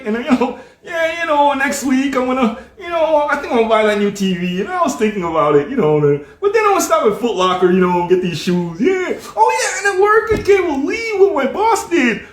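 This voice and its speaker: A man putting on a shrill, airheaded, carefree American guy who babbles and shouts with lots of fillers. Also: very animated, brisk, hardly any pauses, roomy sound. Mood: giddy. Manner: squealing, shouting, rambling with fillers.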